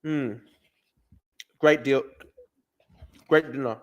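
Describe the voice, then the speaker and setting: A man's voice: medium pitch, fairly even intonation, very slow, muffled recording. A man hosting a live stream, joking crudely and chatting between bites. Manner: crude, joking, talks while eating. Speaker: livestream host. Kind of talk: casual live stream chat.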